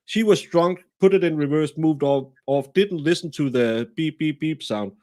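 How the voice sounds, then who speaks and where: A man with a Danish accent, talking through a case in a casual, animated, self-deprecating way, often restarting his sentences. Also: on the high side, moderate pace. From Denmark. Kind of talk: casual true-crime discussion.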